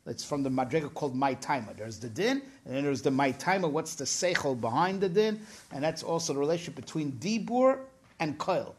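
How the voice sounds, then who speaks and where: A man's voice: a little high, expressive, fairly quick, breathy edge. A man teaching Torah in a casual discussion, often repeating himself and checking in with "right?".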